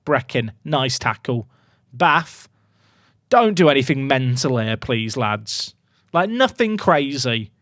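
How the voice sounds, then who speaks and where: A man streaming a football management game, talking to his chat and swinging from low muttering to excited shouts. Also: slow, no echo, studio quality. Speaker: gaming streamer. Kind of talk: live game commentary to chat.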